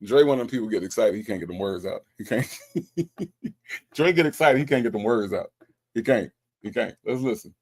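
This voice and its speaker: With a fairly low voice at normal speed and frequent pauses, a man hosting a show offers casual commentary on a call recording. He keeps ribbing the caller, animated and repetitive.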